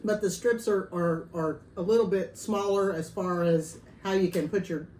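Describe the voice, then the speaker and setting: A woman's voice: lowish voice, fairly even intonation, normal speed, warm tone. A woman hosting a casual food-tasting vlog, chatty and friendly, her mouth burning from hot salsa. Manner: chatty, friendly, says y'all. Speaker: vlogger host. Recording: roomy echo, faint background noise.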